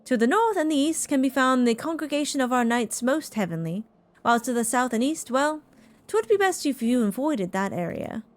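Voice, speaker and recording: A woman's voice: high-pitched, animated, moderate pace. A woman reading a courteous, formal city guide. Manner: stately, courteous narration of a tour.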